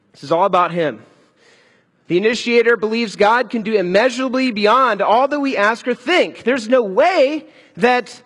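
Man, pastor, high voice, husky, animated conversational sermon, echoey hall.

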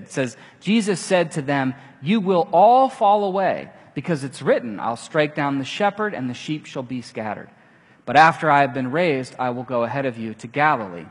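Guy preaching a sermon, kinda husky, voice jumps all over, echoey hall. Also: fairly high pitch. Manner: animated, acting out quotes with casual asides. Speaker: pastor. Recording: long hall reverb.

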